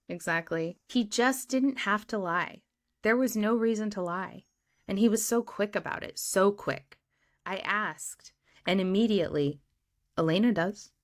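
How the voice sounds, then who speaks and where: A woman's voice: mid-range voice, fairly bright tone. A woman hosting a podcast, telling her own story in casual, candid chat and reading her old diary entries aloud with emphasis.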